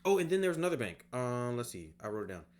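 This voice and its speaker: A man talks quickly, unscripted, explaining as if to a friend. His voice sits at an ordinary middle pitch. He keeps looping back with quick asides and checks on the listener. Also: very animated, a little mellow. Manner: rambling, conversational, with frequent "right?" asides. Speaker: online course creator. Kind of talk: casual off-the-cuff explainer. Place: home, by a bed.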